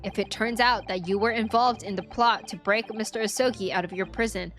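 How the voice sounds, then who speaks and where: A woman's voice: mid-range voice, steady tone, brisk, a bit bright, soft background music, lightly acted. A woman voicing a cold young male prosecutor, reading accusing game dialogue plainly.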